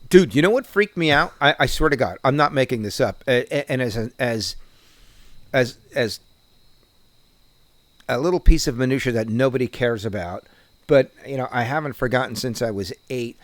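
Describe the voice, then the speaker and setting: A man's voice: mid-range voice, moderate pace, no room sound. A man with a New Jersey accent, chatting casually as a podcast co-host, rambling and profane with many restarts. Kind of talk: casual chat.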